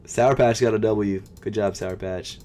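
A man's voice: lowish voice, fairly even intonation, a little slow, slight background noise. Frustrated young man muttering at a checkout. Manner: frustrated, muttering to himself, swings between loud outbursts and quiet mumbling; nervous, stuttering. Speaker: sneaker vlogger. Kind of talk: casual live commentary while shopping online.

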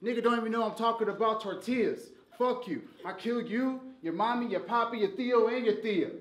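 Loud, mocking man rapping battle bars. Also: very high-pitched, a little fast, echoey room, low-quality recording. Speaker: battle rapper. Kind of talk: a cappella battle rap.

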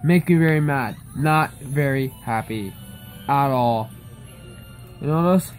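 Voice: mid-range voice, slow, faint music behind. Young speaker ranting and pleading. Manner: ranting, pleading, says "beep" in place of swear words. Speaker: upset player. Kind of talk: angry rant to camera.

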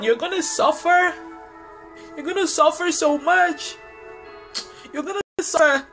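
A woman's voice: high voice, a bit bright. A middle-aged woman preacher giving a personal, earnest sermon to online viewers, repeating lines for emphasis.

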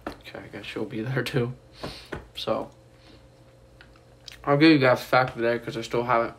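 A man's voice: medium pitch, fairly even intonation, normal speed, background noise. A young man talking casually and teasingly in a rambling home vlog from student housing. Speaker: vlogger.

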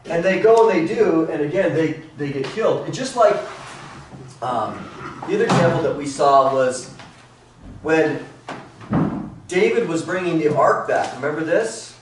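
A middle-aged man leads a church Bible class with an animated delivery, acting out quotes. His voice sits high and swings widely in pitch. He is picked up from a distance in an echoey church room, with faint noise underneath. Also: normal speed. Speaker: Bible teacher. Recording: roomy echo, mic at a distance, faint noise.

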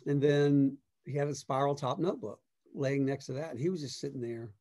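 A man's voice: medium pitch, brisk. Middle-aged guy spinning a yarn, laid back, mid-range voice. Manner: relaxed, anecdotal, conversational. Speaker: songwriter guest. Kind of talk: casual storytelling.

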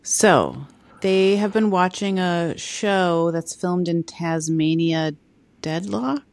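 A woman co-hosting a podcast in casual chat, upbeat and asking questions with quick affirmations. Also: lowish voice, dry recording.

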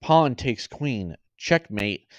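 A man reading the lines of a proud, scheming goddess in his own lowish voice, stumbling now and then. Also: fairly even intonation, normal speed, smooth, no echo, highs cut off, natural voice. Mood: smug. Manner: stumbling restarts. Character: proud scheming goddess, female, cool and smug.

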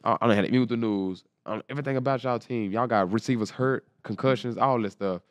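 In a casual storytelling interview, a young man in his twenties who plays football talks fast in a mid-range voice, earnestly recounting an emotional story. He animatedly voices everyone's dialogue himself, and the recording has no room sound.

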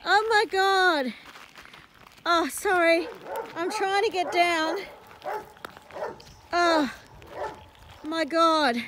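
A woman's voice: very high-pitched, extremely slow, pauses often, background noise. A woman filming on her phone outdoors in a muddy paddock, gushing and laughing in disbelief as she talks. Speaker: horse owner. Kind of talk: excited casual vlog. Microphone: handheld phone camera.

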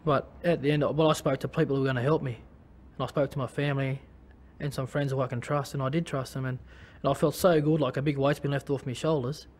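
An Australian man talking about his own life in a personal testimony. He speaks in a halting way, with many restarts and fillers. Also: mid-range voice, fairly even intonation, a little mellow, slight background noise. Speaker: former rugby league player.

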